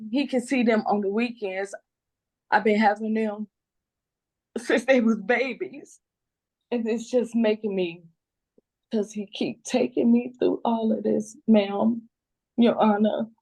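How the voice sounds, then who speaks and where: A woman's voice: on the high side, fairly even intonation, slow, pauses often, dark tone. An older woman, a grandmother, crying and pleading emotionally in a custody hearing over a phone video call, rambling and repeating herself. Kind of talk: pleading closing statement in court.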